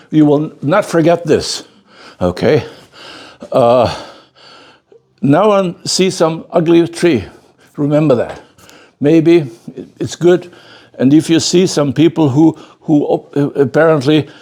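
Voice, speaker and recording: Emphatic older man lecturing, fairly high voice. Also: darkish tone. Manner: emphatic storyteller, many restarts and repeated words; checks in with the audience with a frequent "okay?". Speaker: bonsai masterclass teacher. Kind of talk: spoken lecture to a class.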